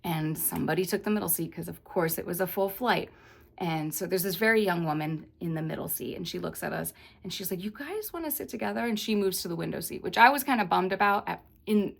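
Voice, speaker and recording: A young woman vlogger telling a story in a rambling, animated way, with lots of fillers. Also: medium pitch, creaky. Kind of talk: casual storytime monologue.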